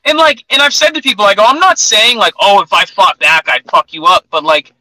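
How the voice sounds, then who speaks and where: In a casual interview, a young MMA fighter animatedly recounts a sparring session, performing everyone's lines. He talks fairly quickly in a high voice, and the recording is dry and rough.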